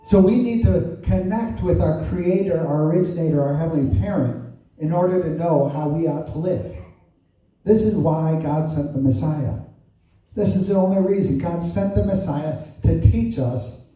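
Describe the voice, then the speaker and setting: A man preaches a sermon as a pastor, keeping it conversational with rhetorical questions and a habitual "right?" His mellow voice is a little high and moves at a moderate pace. The room sounds echoey and distant.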